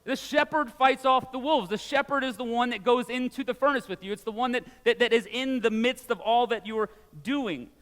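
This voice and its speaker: Male pastor, 40s, high voice, chatty animated sermon in a reverberant hall. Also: brisk, hardly any pauses. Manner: animated, conversational preaching with asides.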